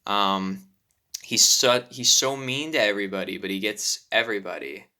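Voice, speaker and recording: A nervous young man speaks in a halting, self-deprecating way, stopping often to sigh, apologize and start again. His voice sits on the low side but sounds bright and smooth. He talks in a personal confessional vlog. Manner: nervous, halting, many restarts and sighs. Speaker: YouTuber.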